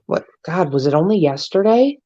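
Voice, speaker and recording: A woman's voice: lowish voice, expressive, normal speed, dark tone, breathy edge, lo-fi sound. A young adult woman co-hosting a casual chat podcast, talking bluntly and swearing freely. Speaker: podcast co-host.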